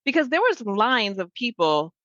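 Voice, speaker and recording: A woman from Maine co-hosting a podcast, telling stories in a chatty, animated way. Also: on the high side, moderate pace, dry recording, highs cut off. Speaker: podcast co-host. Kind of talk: casual chat.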